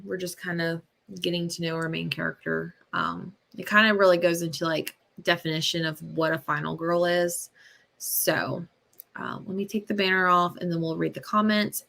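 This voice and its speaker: A woman hosting a casual live reading stream, chatting slowly with many ums and soft laughs. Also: lowish voice, steady tone, gravelly. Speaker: booktube host.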